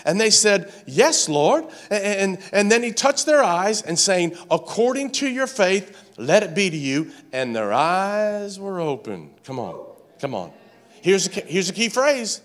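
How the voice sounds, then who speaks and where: A man preaching a sermon, passionate and repetitive, building to shouts. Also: sits high, big pitch swings, normal speed. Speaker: pastor.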